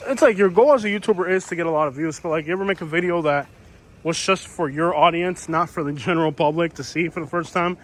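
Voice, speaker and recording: A man's voice: on the high side, fast talker. Rambling man vlogging outdoors, filler-heavy. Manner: chatty, rambling with many fillers. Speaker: YouTuber. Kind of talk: walking vlog commentary. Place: outdoors on a storm-damaged street. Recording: faint outdoor street noise.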